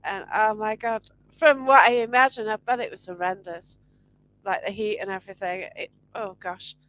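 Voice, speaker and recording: A woman's voice: medium pitch, steady tone, moderate pace, a bit bright, no room sound, rough recording. A woman hosting an online interview, chatting casually, with hesitant restarts and personal asides. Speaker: host.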